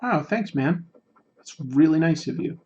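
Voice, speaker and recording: Casting: American man on a livestream, fairly high voice, loose and self-mocking, on lo-fi stream audio. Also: expressive, measured pace, warm tone. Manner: joking, self-mocking, rambling with restarts. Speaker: streamer drawing while chatting. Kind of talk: casual livestream chat.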